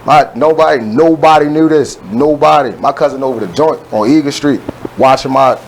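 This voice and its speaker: A man's voice: mid-range voice, fairly quick, a little hiss or hum, rough recording. A young man from West Baltimore, co-hosting a radio show and telling a story in a casual, emphatic way with plenty of swearing. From West Baltimore, USA. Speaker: co-host.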